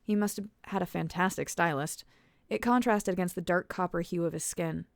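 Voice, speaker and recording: A woman author reads her own story aloud at a steady, measured pace. Her voice sits low with a gravelly fry, and the sound is close and dry with no room around it. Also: dry recording. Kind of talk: storybook narration.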